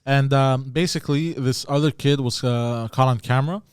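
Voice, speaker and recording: A man's voice: medium pitch, moderate pace, clear, resonant tone, no echo, studio quality. Hesitant man reading out news stories. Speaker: podcast regular who reads out news. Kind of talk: casual comedy chat.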